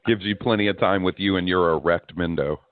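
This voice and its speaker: A man's voice: sits low, a little fast, a little hiss or hum. A man joining a podcast as a guest, bantering in a friendly, laid-back way. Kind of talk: casual chat. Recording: phone-like lo-fi line, dry.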